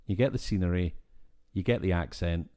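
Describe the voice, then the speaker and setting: A man's voice: sits low, fairly quick, dark tone. A man with a Scottish accent, co-hosting a podcast in casual, rambling chat with frequent restarts. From Scotland. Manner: rambling, with many restarts and fillers. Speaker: podcast co-host.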